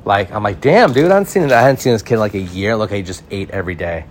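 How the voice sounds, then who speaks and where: Young man, californian, podcast host, casual rambling storytelling, swears freely, lowish voice. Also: lively intonation, fast, a little hiss or hum. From California, United States.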